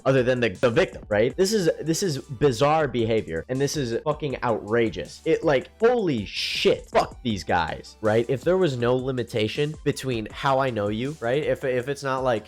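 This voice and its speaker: Man ranting with heated, swinging pitch. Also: big pitch swings, moderate pace, few pauses, faint music behind. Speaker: reaction commentator. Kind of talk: angry reaction commentary.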